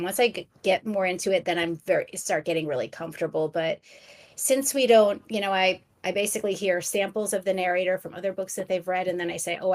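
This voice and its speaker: A woman author chatting as a podcast guest, enthusiastic and quick to laugh, often restarting her sentences. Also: fairly low pitch. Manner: frequent restarts and stammers. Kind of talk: casual podcast chat.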